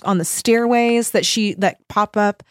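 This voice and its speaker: A woman's voice: medium pitch, unhurried, no room sound, studio quality. A woman co-hosting a casual chat, reading aloud from a horror novel and playfully acting out the characters' lines. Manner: animated, laughing, acts out characters' lines. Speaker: podcast co-host.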